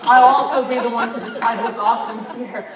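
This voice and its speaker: A woman's voice: fairly high pitch, fairly even intonation, fast, a loud crowd, close to an everyday voice. A teenage girl playing a bossy, flustered stage narrator who stammers and puts on a British accent in a school chapel comedy skit. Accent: put-on British. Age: teens. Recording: echoey hall, distant mic, music.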